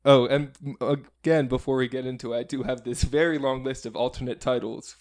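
A man's voice: medium pitch, fairly even intonation, brisk, darkish tone, no echo, studio quality. Rambling man hosting a podcast. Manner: rambling, self-correcting, chuckling. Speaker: podcast host. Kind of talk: casual podcast chat about a film.

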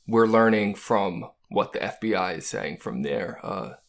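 A man's voice: low voice, expressive, measured pace, vocal fry. A man co-hosting a podcast who talks through a film in a thoughtful, analytical way, with some fillers. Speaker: podcast co-host. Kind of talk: casual film discussion. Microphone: studio mics.

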